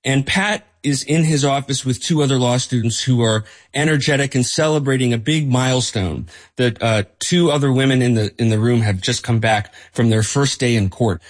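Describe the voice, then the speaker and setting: A man, a journalist, recounting a reported story in a thoughtful, conversational way, with frequent fillers and self-corrections. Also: medium pitch.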